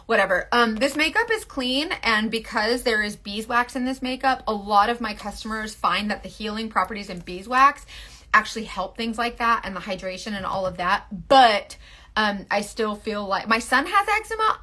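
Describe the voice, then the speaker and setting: A woman in her forties chatting casually on a livestream, answering viewer questions about makeup, rambling with fillers and bursts of excitement. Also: on the high side. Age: 40s.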